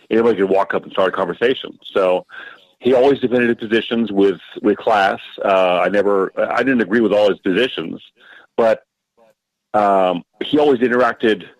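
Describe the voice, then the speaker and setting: A man speaking as a guest historian in a roundtable, measured and thoughtful. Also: fairly low pitch, no echo, rough recording. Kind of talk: casual roundtable discussion.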